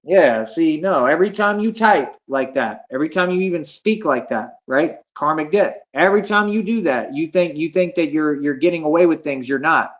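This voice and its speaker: Streamer, man, fairly high voice, cocky and confrontational, muffled lo-fi audio. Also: animated, moderate pace, few pauses. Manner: boastful, confrontational, slangy. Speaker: livestreamer. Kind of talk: livestream rant at chat.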